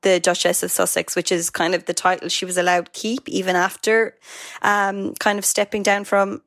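A woman's voice: lowish voice, flat delivery, moderate pace, fairly bright tone. A woman co-hosting a podcast in casual chat, talking with plenty of fillers and asides. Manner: chatty, lots of fillers and asides. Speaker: podcast co-host.

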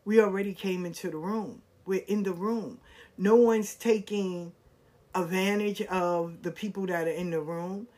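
A woman's voice: mid-range voice, a little slow. A woman telling a personal story in casual, slangy talk, acting out the voices of people she quotes. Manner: animated, acts out quoted voices, slangy and frank.

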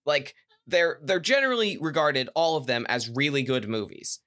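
A man's voice: fairly high pitch, very animated, normal speed, bright, forceful tone. A young man co-hosting a podcast, chatting casually, rambling and correcting himself as he goes. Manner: rambling, self-correcting, enthusiastic. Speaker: podcast co-host. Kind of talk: casual chat.

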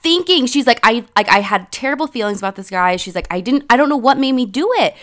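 A woman's voice: a little high, fast talker. A woman co-hosting a podcast in a casual chat, telling stories animatedly and acting out what people said. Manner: animated, acts out quoted dialogue, frequent "like". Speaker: podcast co-host.

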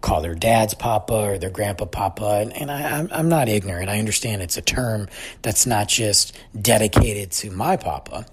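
A man's voice: fairly low pitch, moderate pace, breathy edge. A man in his forties telling a heartfelt story about his family in a thoughtful personal monologue. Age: 40s.

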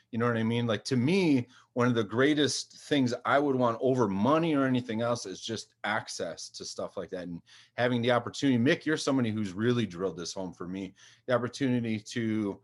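Low-voiced thoughtful man. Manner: thoughtful, searching for words. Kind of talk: casual podcast chat.

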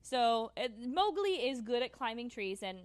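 A woman co-hosting a podcast in casual chat, animated and acting out scenes in little voices. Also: on the high side, normal speed, no room sound. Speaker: podcast co-host.

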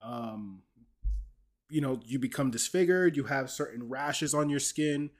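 A man's voice: mid-range voice, a little slow. A man hosting a podcast, casually explaining a video game's story and joking with his co-host. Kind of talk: casual chat.

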